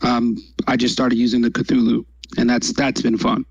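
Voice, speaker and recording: Gravelly laid-back male guest. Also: mid-range voice, little pitch movement, normal speed, no room sound, highs cut off. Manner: laid-back, rambling, hesitant fillers. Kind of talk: casual livestream chat.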